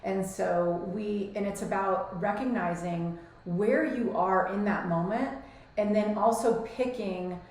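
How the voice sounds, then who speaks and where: A woman's voice: medium pitch, unhurried, darkish tone. A woman co-hosting a podcast, chatting casually and filling her talk with "like" and "you know". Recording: very echoey room.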